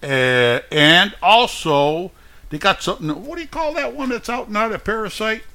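A man's voice: high voice, animated, moderate pace, bright, forceful tone. A man hosting a radio show, talking in a folksy, rambling way and stumbling over words now and then. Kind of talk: casual radio sign-off.

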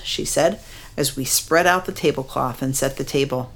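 A woman reading a children's story aloud, expressive, counting aloud and acting out the sound effects. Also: deep voice, measured pace.

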